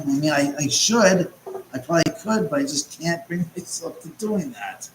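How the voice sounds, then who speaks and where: A man's voice: on the high side, expressive, moderate pace, reverberant, background noise. A man hosting a casual livestream chat from home, rambling and sarcastic and swearing often. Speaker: livestream host.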